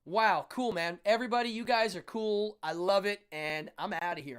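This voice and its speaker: A man's voice: high voice, normal speed, hardly any pauses, clear, resonant tone. Laid-back middle-aged male stream host. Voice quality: laid-back, slangy, with frequent ums and uhs. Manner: upbeat sign-off, shouting out viewers by name. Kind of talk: casual live-stream chat.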